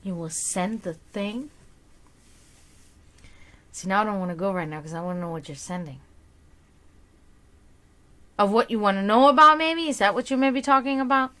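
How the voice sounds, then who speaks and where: A woman's voice: mid-range voice, normal speed, long pauses, sharp tone. A young woman chatting casually with her stream viewers as a psychic reader, laughing often and restarting her sentences.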